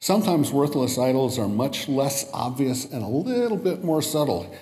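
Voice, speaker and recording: A man's voice: mid-range voice, big pitch swings, normal speed, a little mellow. A man preaches a sermon in a church, reading a long illustration story and voicing its quotes with a lift. His medium voice rings through a large room, with a reverb tail hanging after each phrase. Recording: echoey hall with long reverb.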